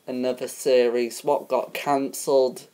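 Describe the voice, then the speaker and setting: Hesitant low-voiced woman hosting a spoof show. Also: flat delivery, a little slow, warm tone. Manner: hesitant, full of ums and uhs, stumbles over names. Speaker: host of a homemade spoof show. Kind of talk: casual mock TV presenting.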